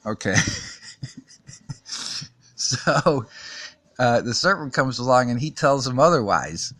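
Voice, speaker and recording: A man giving a casual Bible lesson while drawing, talking haltingly with many restarts and fillers and chuckling often. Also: mid-range voice, lively intonation, a bit bright, dry recording. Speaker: teacher.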